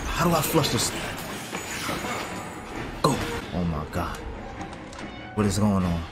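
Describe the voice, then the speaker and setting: This streamer's lowish voice moves slowly in a sing-song way as he plays a horror game. He reacts in panic with casual slang, game music underneath his let's play commentary.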